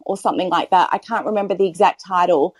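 A woman's voice: on the low side, quick pace, husky, dry recording. A woman listener in casual chat, effusive and gushing with praise for the host. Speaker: listener and former coaching client. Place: online audio chat room.

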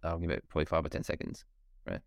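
A man hosting a podcast in casual chat, lively and prone to repeating words. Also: rumbling low, fast, vocal fry, dry recording, studio quality. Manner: chatty, laughs easily, repeats words. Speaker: podcast host.

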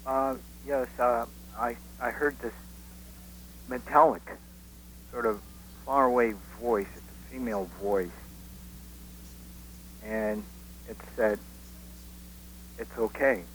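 A man who witnessed an event, recalling it haltingly with many restarts as a guest on a radio interview. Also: mid-range voice, steady tone, a little hiss or hum, rough recording. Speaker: eyewitness guest.

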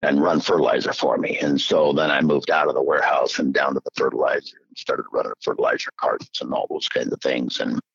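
A middle-aged man from Iowa telling his story as an interview guest in a folksy, animated way. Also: a bass voice, a little fast, gravelly, few pauses, slightly rough, no room sound, lo-fi sound. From Iowa, USA. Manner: animated, folksy, acts out quoted voices. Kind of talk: casual storytelling.

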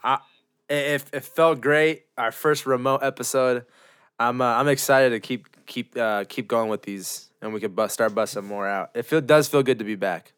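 A man's voice: mid-range voice, normal speed, fairly bright tone, smooth. A man co-hosting a podcast, joking and swearing in casual banter. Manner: joking, swearing, laughs often. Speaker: podcast co-host.

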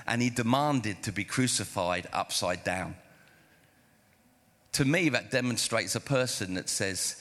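A male pastor preaching a sermon, telling stories in an animated way and acting out the dialogue. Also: fairly low pitch, a little slow. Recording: reverberant hall.

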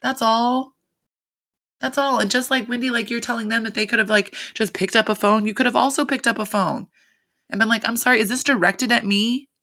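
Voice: mid-range voice, steady tone, a little fast, sharp tone. A reality TV recap host talking in a casual, chatty, profane way, full of fillers.

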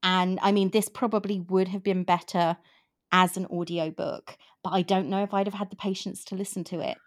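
A woman in her fifties hosting a casual book chat, animated and rambling, laughing often. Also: medium pitch, moderate pace. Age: 50s. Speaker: podcast host.

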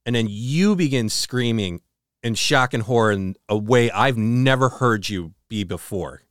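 A man co-hosting a podcast, retelling a story earnestly with halting restarts and a hushed, slowed delivery on dramatic moments. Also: animated, clear, resonant tone, no room sound, studio quality. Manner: slows and drops to a low hush on dramatic moments. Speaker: podcast co-host. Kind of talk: casual storytelling chat.

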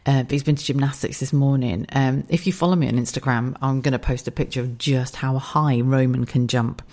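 A woman in her forties hosting a podcast, chatting frankly and swearing freely while keeping her voice hushed in her kitchen at home. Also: rumbling low, steady tone, fairly quick. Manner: hushed, speaking softly so as not to wake a child. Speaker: podcast host. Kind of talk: casual chat.

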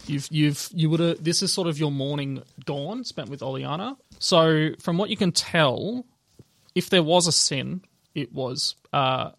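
A man running a tabletop game with a slightly high, gravelly voice. He narrates loosely, pausing on fillers, recorded close with a dry sound. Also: fairly bright tone, no echo. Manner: loose and hesitant, many fillers and restarts. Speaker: game master.

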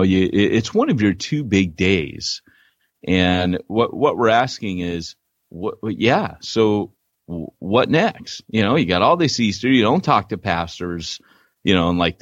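A man's voice: low-pitched, a little slow, no room sound, highs cut off. A middle-aged man co-hosting a podcast, chatting casually and teasing his partner with jokes. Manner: joking, teasing, lively storyteller. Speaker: podcast co-host. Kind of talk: casual chat.

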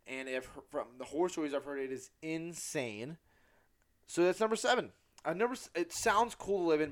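A young man hosts his podcast alone in a loose, rambling way. His voice sits a bit high for a man, and he swears often and mocks himself. He loses his place and corrects himself as he talks. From Southern California. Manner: rambling, self-mocking, swears freely; loses track and corrects himself mid-sentence. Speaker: podcast host. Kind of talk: casual solo podcast rant.

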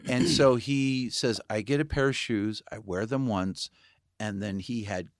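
Middle-aged film guy, lowish voice, chatty stories, hums bits and does people's voices. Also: measured pace, dry recording, studio quality. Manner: lively anecdotes, hums tunes and imitates people. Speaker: guest, cinematographer and filmmaker. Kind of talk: casual storytelling in conversation.

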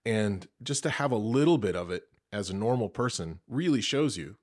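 A man, an actor guest on a podcast, chatting casually and telling animated stories. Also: fairly low pitch, normal speed. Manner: animated storyteller, acts out quoted voices.

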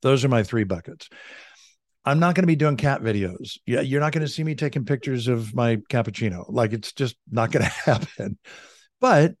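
Energetic middle-aged male coach, dry sound. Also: medium pitch, normal speed, dry recording. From California. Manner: energetic, conversational, frequent "like" and "right?". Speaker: leadership coach. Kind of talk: podcast interview, storytelling. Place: home office with a large bookshelf. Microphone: studio desk mic.

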